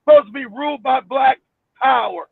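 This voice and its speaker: A man co-hosting a casual chat, ranting loudly and profanely. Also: very high-pitched, normal speed, gravelly, husky, no room sound. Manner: loud, animated, profane ranting. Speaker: co-host. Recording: tinny phone-like line.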